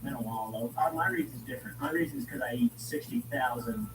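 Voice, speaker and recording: Animated young man reacting to videos. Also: a little high, fast talker, reverberant, recorded from a distance, background noise. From Virginia. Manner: animated, jokey, swings into whispers and yells. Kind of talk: casual reaction commentary.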